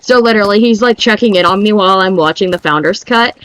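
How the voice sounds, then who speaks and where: A young woman streamer chatting casually in an excitable, rambling way. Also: medium pitch, fast, clean tone, rough recording.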